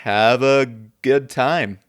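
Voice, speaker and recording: A man hosting a podcast in relaxed conversation. His voice sits at an ordinary middle pitch. He talks hesitantly, with lots of "um"s, and chuckles often. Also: extremely slow, smooth. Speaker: podcast host. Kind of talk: casual chat.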